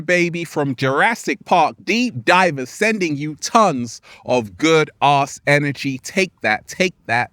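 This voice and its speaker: A man giving an animated, playful motivational vlog outdoors in nature, laughing often. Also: a little high, measured pace, smooth, no room sound, clean studio sound. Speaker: spiritual vlogger.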